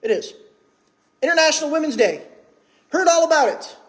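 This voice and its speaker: A man's voice: very high voice, sing-song, moderate pace. A man preaching a sermon in church, conversational, with many rhetorical questions. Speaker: pastor.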